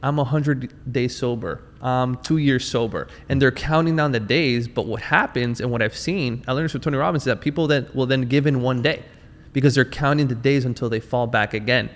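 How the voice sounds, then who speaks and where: A man's voice: mid-range voice, fairly quick, big-room sound. A man hosting an interview, enthusiastic and motivational, speaking straight to his listeners. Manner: enthusiastic, motivational, addresses the audience. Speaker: podcast host.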